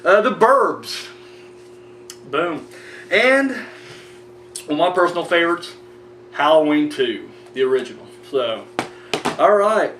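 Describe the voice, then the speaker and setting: A man's voice: a little high, big pitch swings, slow, long pauses, fairly bright tone. A man hosting a horror movie review show, chatting and ranting casually with rambling, profane talk. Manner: rambling, profane, frequent restarts. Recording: roomy distant mic with faint hum.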